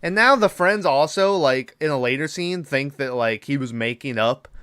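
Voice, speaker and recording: Man, podcast host, casual movie recap, profane and rambling, smooth clear voice, dry close sound. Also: mid-range voice, lively intonation, normal speed, a bit bright, dry recording. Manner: rambling, profane, filler-heavy retelling.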